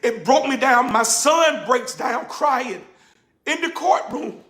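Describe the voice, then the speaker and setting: A man speaks in a strikingly high voice, preaching his point with rising fervor and bursts of shouting. The sound carries a roomy echo around it. He talks like a pastor testifying to his listeners. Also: lively intonation, takes it slowly. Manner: preacherly, emphatic, builds to shouting. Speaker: pastor and show host. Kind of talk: impassioned spoken testimony.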